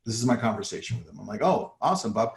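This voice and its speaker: A man's voice: mid-range voice, animated, racing, creaky, echoey room. A man coaching real estate agents in a casual live talk, acting out his phone calls with sellers. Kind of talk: live online training talk.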